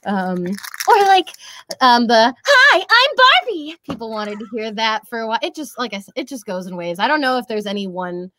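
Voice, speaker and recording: A woman's voice: medium pitch, a little fast, few pauses, no room sound. A young woman who works as a voice actress, chatting casually in an interview in a bubbly, rambling way with lots of fillers. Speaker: voice actress and social media creator.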